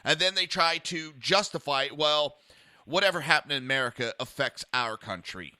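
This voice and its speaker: Blunt, bright-voiced talk radio man. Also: on the high side, expressive, normal speed, no echo. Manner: blunt, profane, stumbling restarts. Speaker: radio talk show host. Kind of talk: casual political talk radio.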